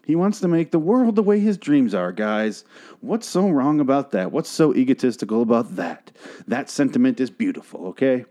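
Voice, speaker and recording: A man's voice: mid-range voice, sing-song, moderate pace, mellow. A man hosting a comedy podcast, ranting in a rambling, profane and exasperated way while reacting to song lyrics. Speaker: podcast host.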